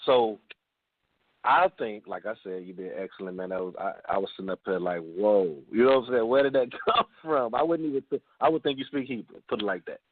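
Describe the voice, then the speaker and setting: Over a dry, tinny phone line, a man with a Chicago accent speaks fast in a mid-range voice with no echo. He's a panelist on a casual radio round-table, rambling with lots of fillers and restarts.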